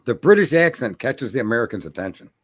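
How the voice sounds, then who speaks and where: Male podcast guest, very lively, swooping intonation, argumentative and casual. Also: mid-range voice, fast talker. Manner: animated, argumentative, laughs at his own stories. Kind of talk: casual chat.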